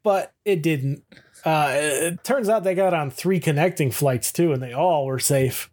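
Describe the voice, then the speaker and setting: Guy w a fairly high voice chatting thru an old tv episode, lively, laughs a lot. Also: a little slow. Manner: animated retelling, laughing often. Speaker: podcast co-host. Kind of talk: casual recap of a TV episode.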